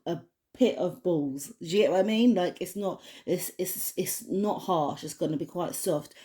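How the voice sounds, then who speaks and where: A woman's voice: on the low side, normal speed, mellow. A woman giving a casual spoken oracle card reading, rambling with many restarts and fillers. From United Kingdom. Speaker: tarot card reader.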